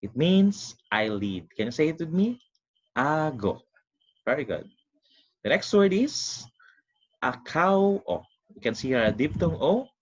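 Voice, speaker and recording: A man delivers a recorded lesson at an unhurried, deliberate pace, his voice husky and full of pitch movement. He leads call-and-repeat drills. The recording sounds dull and lo-fi. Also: very animated. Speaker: teacher.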